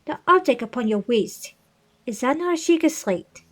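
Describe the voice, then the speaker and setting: A woman's voice: high-pitched, animated, normal speed, a bit bright. A woman voicing a stately old fish-folk king. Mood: regal, welcoming. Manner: formal, stately reading of game dialogue. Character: older male fish-folk king, regal and fatherly. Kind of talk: reading video game dialogue aloud.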